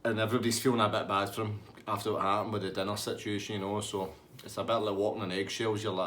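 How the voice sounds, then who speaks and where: A man's voice: fairly low pitch, level tone, fast, fairly bright tone, slight background noise. A man with a Scottish accent telling a comic anecdote in a rambling, laughing way. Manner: rambling, laughing through the story. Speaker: storyteller.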